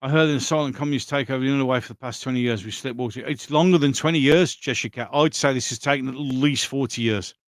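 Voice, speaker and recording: A man's voice: mid-range voice, quick pace, few pauses, dry recording, studio quality. A man hosting a live stream in a loose, conversational way, reading out viewer comments and answering them as he goes. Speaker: livestream host reading viewer chat.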